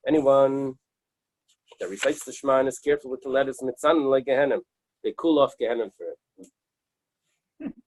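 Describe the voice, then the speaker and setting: A man leading a Talmud study class, reading Aramaic passages and explaining them in English with halting restarts. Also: mid-range voice, darkish tone, slight background noise, rough recording.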